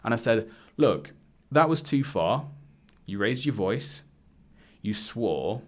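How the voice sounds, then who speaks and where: A man's voice: mid-range voice, expressive, slow. A man telling a personal story straight to camera, candidly, with some swearing and acted-out quotes. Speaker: dating coach. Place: indoors, wearing a hood. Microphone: camera mic.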